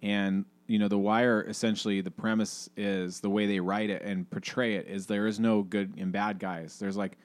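A man talks in a loose, rambling way, his voice sitting low. He restarts sentences and leans on fillers as he chats with a co-host. The sound is close and dry. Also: level tone, moderate pace, few pauses, no room sound. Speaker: podcast co-host. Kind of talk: casual conversation, reading aloud from a book.

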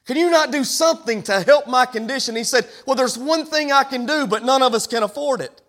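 High-voiced preaching pastor, emphatic. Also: male voice, a bit bright. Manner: preaching with rising, emphatic declarations. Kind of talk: sermon.

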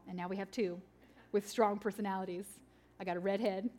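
Speaking at a medium pitch and fairly quick clip, a woman delivers a sermon to mothers. Her tone shifts from laughter-filled, lively storytelling to hushed, sincere moments.

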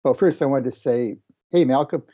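A man's voice: medium pitch, normal speed, mellow. A man giving a plain, matter-of-fact progress report in a casual team meeting about game development.

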